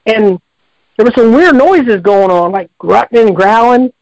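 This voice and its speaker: A woman's voice: a little high, expressive, a little slow, a little mellow, no room sound, muffled recording. A woman, calling in to tell a long story in a rambling, colloquial way with lots of restarts. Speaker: caller. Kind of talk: call-in storytelling.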